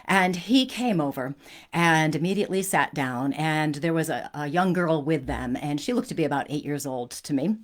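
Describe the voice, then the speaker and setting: A woman's voice: deep voice, moderate pace. A woman hosting a spiritual talk, telling a personal story in an earnest, conversational way with frequent restarts.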